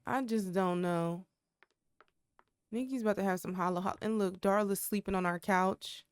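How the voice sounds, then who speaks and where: A woman talks her viewers through a life-simulation game in a chatty, exclamatory way, reacting out loud to the drama on screen. Her voice is mid-pitched and natural. The sound is dry and close, with no room around it. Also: steady tone, normal speed, clear, resonant tone, dry recording. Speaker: gaming channel host. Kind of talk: let's play commentary.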